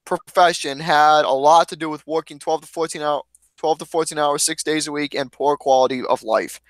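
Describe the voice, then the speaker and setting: A man hosts a casual podcast, his voice pitched notably high. He reads list entries in a flat, deadpan way. The sound is dry and close, with no room around it. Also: moderate pace, no echo. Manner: deadpan, reads lists with a straight face. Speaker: podcast host. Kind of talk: casual podcast chat reading out lists.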